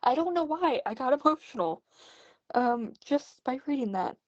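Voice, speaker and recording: A woman's voice: high voice, lively intonation, normal speed, dry recording, muffled recording. A woman chatting casually in a voice message about books she is reading, talking in an earnest, rambling, hesitant way. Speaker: book vlogger. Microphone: phone voice messaging app.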